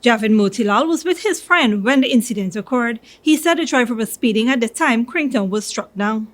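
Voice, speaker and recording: A woman reporter narrating a television news story in a measured, even way. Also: fairly high pitch. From Guyana.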